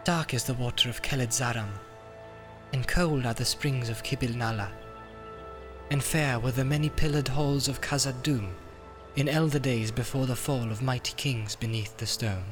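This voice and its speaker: A man reading an audiobook, voicing an ancient, wise elf queen who speaks gravely and solemnly. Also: mid-range voice, moderate pace, soft background music, close to an everyday voice.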